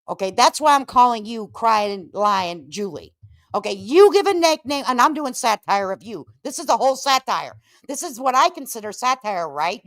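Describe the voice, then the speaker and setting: Sassy, animated woman streamer. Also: fairly high pitch, no room sound, clean studio sound. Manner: sassy, animated, Southern-tinged endearments. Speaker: commentary streamer. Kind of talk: casual live-stream commentary.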